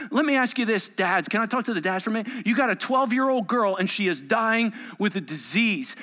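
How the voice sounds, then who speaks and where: Animated, bright-voiced male preacher. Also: extremely high pitch. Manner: animated storytelling, acts out voices, swings from loud to hushed. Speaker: pastor. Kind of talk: sermon.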